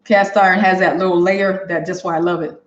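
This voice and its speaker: Her voice is fairly low and fairly flat in pitch, and she talks a little fast. She's a cooking show host doing a live demo in her home kitchen, speaking straight to the audience and laughing often, in a dull, lo-fi recording full of kitchen echo.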